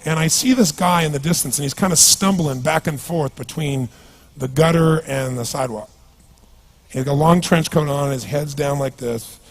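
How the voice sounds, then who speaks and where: A man from the United States giving an energetic seminar talk as a motivational speaker and putting questions to his audience. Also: a little high, vocal fry.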